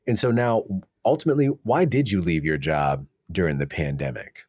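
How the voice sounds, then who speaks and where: Very deep-voiced man hosting an interview. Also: moderate pace, darkish tone, dry recording, clean studio sound. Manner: affirming, recaps the guest's points. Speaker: podcast host. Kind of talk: conversational interview.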